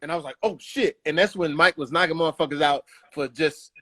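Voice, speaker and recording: A man telling stories as a guest in a casual interview, animated and quick to slip into voices. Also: fairly high pitch. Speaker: guest, comedian and actor. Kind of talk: casual storytelling.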